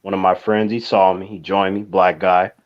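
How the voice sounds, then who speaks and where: A man on a casual panel show, telling stories in a relaxed way with some swearing. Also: sits low, normal speed. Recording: dull lo-fi audio.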